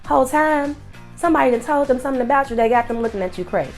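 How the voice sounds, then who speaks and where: A woman's voice: high voice, animated, very fast, faint music behind. A woman hosting an advice monologue, speaking emphatically with lots of repetition. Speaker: host.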